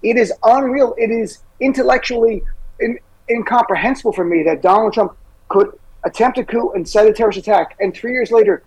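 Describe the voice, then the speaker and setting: Male talk-show guest, high husky voice, urgent and emphatic, dry close mic. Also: fairly quick, dry recording, poor audio. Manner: emphatic, urgent, repeats key words. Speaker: guest commentator. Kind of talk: political talk show discussion.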